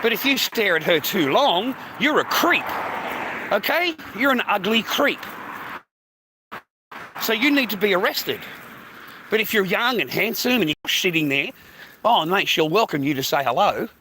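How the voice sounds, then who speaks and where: A swearing Australian man in his fifties, ranting in a fairly high voice on a phone livestream. Street traffic and outdoor noise are loud behind him. He is blunt and repetitive and keeps calling the listener mate. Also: very animated, unhurried, pauses often. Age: 50s.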